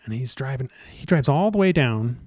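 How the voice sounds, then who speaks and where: Man retelling a story with halting restarts. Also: medium pitch, no echo, clean studio sound. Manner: halting, many restarts and fillers; animated when retelling scenes. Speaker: guest researcher. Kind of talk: casual storytelling recap.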